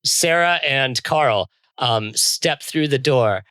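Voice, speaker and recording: A man's voice: medium pitch, lively intonation, takes it slowly, sharp tone, clean tone, no room sound, studio quality. A British man improvising a comedic story as podcast co-host, laughing often as he narrates.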